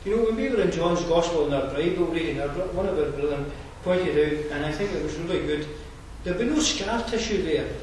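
A man preaches in a high-pitched voice, earnest and chatty, with asides and fillers. He is picked up from a distance in a church hall. Strong echo rings around him, with faint noise underneath. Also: animated, brisk, few pauses, darkish tone. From Scotland. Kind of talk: sermon. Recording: roomy distant hall mic.

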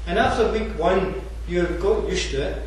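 High-voiced preacher in an echoing hall. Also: male voice, normal speed, a little hiss or hum. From Scotland. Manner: earnest, conversational preaching with fillers and asides. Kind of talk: sermon. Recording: roomy distant hall mic.

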